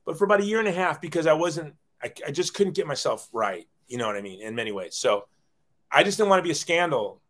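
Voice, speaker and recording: A man's voice: a little high, expressive, fast, a bit bright. A man in his forties, a guest telling his life story in a casual, self-deprecating way, often acting out quoted dialogue.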